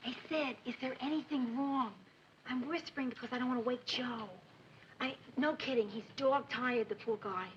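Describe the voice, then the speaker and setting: Wisecracking woman friend. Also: a little high. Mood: teasing. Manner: quick sarcastic quips, bursts of excitement. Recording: lo-fi 1970s sitcom audio, loud noise.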